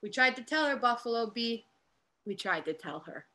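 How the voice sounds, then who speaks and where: A woman voicing a loud, foul-mouthed woman inmate in a play reading. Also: high voice, voice pushed up. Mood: mocking. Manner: loud, swearing, fast and mocking.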